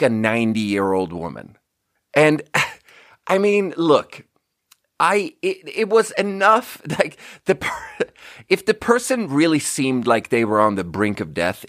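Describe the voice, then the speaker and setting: A man's voice: mid-range voice, a bit bright, no room sound, clean studio sound. A man hosting a podcast, rambling casually, swearing often and laughing at his own jokes. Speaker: podcast host. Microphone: close studio mic.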